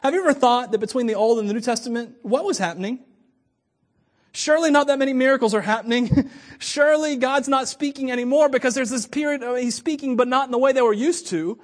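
A man's voice: extremely high pitch, quick pace. A man, a pastor, giving a conversational sermon with joking asides.

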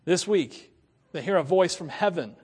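A male pastor delivers an impassioned sermon in a noticeably high voice. He drops to quiet, confiding asides and then builds to loud, emphatic stretches. His voice rings with the long reverb of a church hall. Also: animated, normal speed, husky.

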